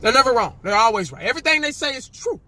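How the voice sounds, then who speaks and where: A man ranting casually to his viewers as a sports fan, animated and sarcastic, repeating himself and dropping into mock whispers. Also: extremely high pitch, quick pace. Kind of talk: casual fan rant to camera.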